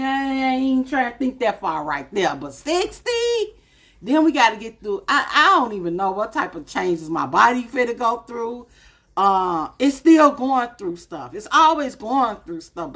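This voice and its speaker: A woman's voice: on the high side, fairly bright tone. A woman in her late fifties talking casually to camera as a vlogger, musing and chatty, calling her viewers y'all. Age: 50s.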